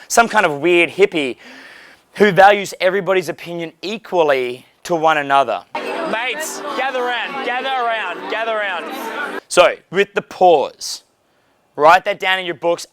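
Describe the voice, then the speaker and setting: A man's voice: on the high side, a bit bright, clear, resonant tone. Blunt, profane man coaching. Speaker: dating coach. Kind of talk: casual coaching monologue. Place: hotel.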